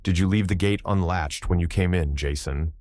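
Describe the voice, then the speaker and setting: A man doing a tired father in an audiobook, speaking low and quiet, very deep. The recording is dry and close. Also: normal speed, no room sound, lightly acted. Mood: weary.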